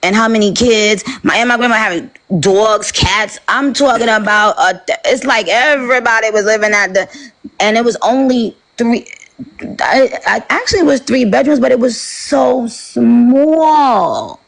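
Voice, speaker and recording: Gravelly-voiced New woman, animated. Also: a little high, normal speed, low-quality recording. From Queens, New York. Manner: animated, rambling, with frequent fillers. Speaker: interview guest. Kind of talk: casual interview chat.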